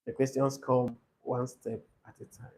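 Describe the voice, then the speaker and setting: A man's voice: mid-range voice, little pitch movement, normal speed, a little mellow. A man tutoring a speaking-test session, explaining patiently and repeating his examples. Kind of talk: classroom coaching.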